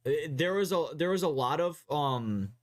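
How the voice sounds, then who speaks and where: A man's voice: a little high, expressive, normal speed. A young man streaming and co-hosting a casual gaming chat, rambling with many fillers and swear words. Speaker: streamer and co-host.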